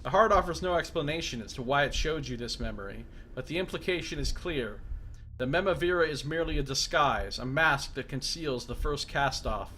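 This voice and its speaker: A man's voice: a little high, a little fast, a little hiss or hum. A man streaming a video game, reading its story text aloud and breaking in with comments. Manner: reads narration aloud, breaks off into excited asides.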